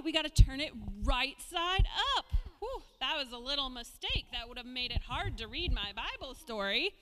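High bright woman telling kids a story. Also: in a large hall. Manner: gentle, playful, talking to small children. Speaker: children's message leader. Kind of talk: children's sermon storytelling. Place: church sanctuary.

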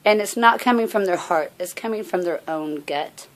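A woman giving an earnest, halting personal faith message as a vlogger. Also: fairly low pitch. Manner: soft-spoken, halting, earnest. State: out of breath. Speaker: religious vlogger.

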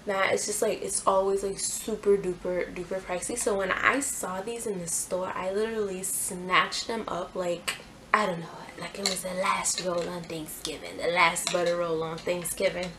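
A woman's voice: lowish voice, steady tone, moderate pace, background noise. Chatty young woman gushing over a haul. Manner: chatty, gushing, lots of "like" fillers. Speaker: fashion YouTuber. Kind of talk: casual try-on haul vlog.

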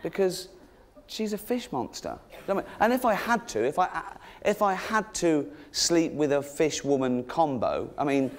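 A man's voice: on the high side, very animated, normal speed, hardly any pauses. A middle-aged man doing a stand-up comedy routine, cheeky and rambling, often breaking into giggles. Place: comedy stage before an audience. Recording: noisy live stage recording.

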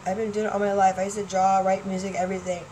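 A woman's voice: medium pitch, little pitch movement, rapid-fire, warm tone, slight background noise, rough recording. Rambling, laughing woman in her forties. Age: 40s. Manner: chatty, laughing, jumps between topics. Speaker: vlogger. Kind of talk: rambling casual chat to fans.

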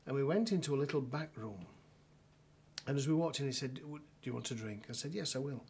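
In a documentary interview, a middle-aged solicitor with a northern English accent tells a dry anecdote, restarting often and filling gaps with ums. His medium-pitched voice is animated, brisk and slightly dark, over a faint hiss or hum.

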